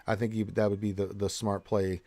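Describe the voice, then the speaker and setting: A man's voice: on the low side, little pitch movement, brisk, a little mellow, no echo. A man co-hosting a gaming livestream, giving casual, laid-back advice to viewers and calling them dude and man. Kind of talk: casual chat, reading viewer questions.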